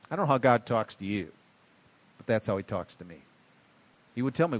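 A man preaching a sermon in a folksy way, swinging from quiet asides to loud emphatic bursts. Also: mid-range voice, fast talker, long pauses, dry recording. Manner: folksy, calls listeners buddy and darling. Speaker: pastor.

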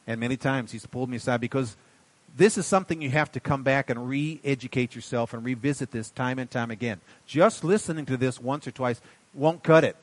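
A man preaching a sermon in a folksy way, swinging from quiet asides to loud emphatic bursts. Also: medium pitch, brisk, no room sound. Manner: folksy, calls listeners buddy and darling. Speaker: pastor.

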